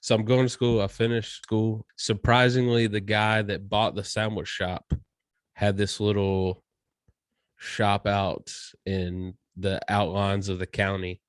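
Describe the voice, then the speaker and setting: A man's voice: lowish voice, level tone, takes it slowly, clean tone, no echo. A young adult man from North Carolina, a podcast host, telling his life story in a rambling, self-mocking way with dry humor. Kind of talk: casual storytelling chat.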